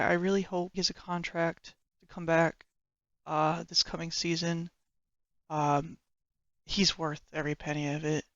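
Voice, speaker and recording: A woman's voice: fairly low pitch, no echo, highs cut off. A woman who is a hockey fan vlogger, chatting enthusiastically and a bit rambly about players, often correcting herself. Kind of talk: casual fan commentary.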